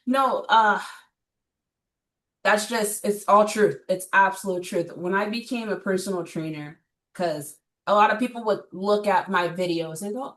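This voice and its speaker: A woman's voice: medium pitch, moderate pace, distant mic. A woman personal trainer talking bluntly and with energy in a casual interview chat. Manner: blunt, energetic, laughs often.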